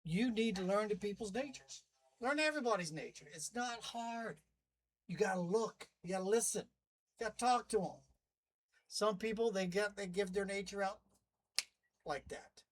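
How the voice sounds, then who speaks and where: A man with a high voice talks casually to the camera at a normal pace, casting himself as a demon host in a wry, rambling monologue full of chatty asides. He's a vlogger playing a demon narrator, and the recording is rough.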